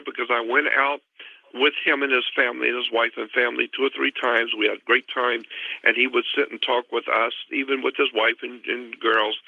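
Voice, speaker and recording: A man's voice: mid-range voice, creaky, no room sound. A man earnestly telling a long personal story as a radio guest, rambling through his memories. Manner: earnest, rambling retelling of a past encounter. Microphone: telephone. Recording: tinny phone line, dry.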